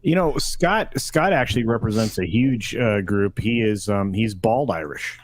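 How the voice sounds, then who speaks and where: A man's voice: on the low side, expressive, a little slow, a little hiss or hum. A man on a stream call teasing and ribbing the others. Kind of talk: casual chat.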